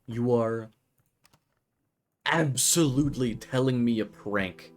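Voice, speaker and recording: In this clip a man streams a game and grumbles to himself, sounding frustrated as he offers casual commentary on his play. His voice sits at a medium pitch and moves slowly.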